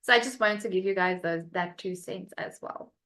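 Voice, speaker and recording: A woman chatting enthusiastically on a group video call, bubbly and quick to laugh, with lots of "like". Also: on the low side, bright, forceful tone. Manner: enthusiastic, bubbly, laughs often, says "like" a lot. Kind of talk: lively casual chat.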